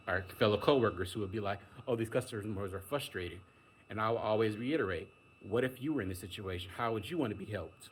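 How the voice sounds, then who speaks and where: A man's voice: lowish voice, a bit bright, a little hiss or hum. A man delivering a casual, emphatic monologue rant, exasperated and acting out the people he quotes. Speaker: vlogger.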